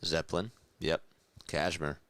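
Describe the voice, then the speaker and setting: A young man doing quiet radio-style play-by-play, keeping his voice down and chatting calmly between pitches. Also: unhurried, dry recording. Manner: calm, hushed, keeping voice down; reads chat messages aloud between pitches. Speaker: play-by-play host.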